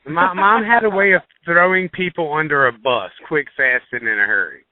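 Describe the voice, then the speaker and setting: A man guest reminiscing in a relaxed, lively way on a call-in show. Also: fairly high pitch, normal speed, dry recording. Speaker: guest, family member. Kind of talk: casual reminiscing. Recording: tinny dry phone line.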